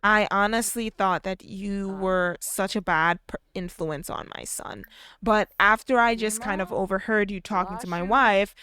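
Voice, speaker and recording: A woman's voice: medium pitch, fairly even intonation, measured pace, bright, forceful tone, clean tone, no echo. A woman voicing an older father who talks firmly and indignantly. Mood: stern. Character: older protective father, stern but kind.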